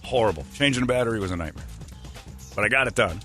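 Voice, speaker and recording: A man's voice: fairly low pitch, expressive, fast talker, bright, forceful tone, faint music behind. A man hosting a casual morning radio show, telling stories that mock himself and acting out other people's lines. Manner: self-mocking storyteller, acts out other people's lines.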